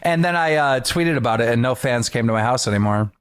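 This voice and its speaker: A man co-hosting a casual podcast, telling stories in a profane, animated way and acting out quotes in a raised voice. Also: medium pitch, quick pace, clear, resonant tone. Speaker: podcast co-host.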